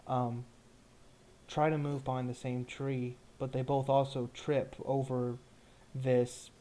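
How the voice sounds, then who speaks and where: A young man narrating a tabletop game as dungeon master, halting and searching for words with frequent fillers. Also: medium pitch, flat delivery, mellow.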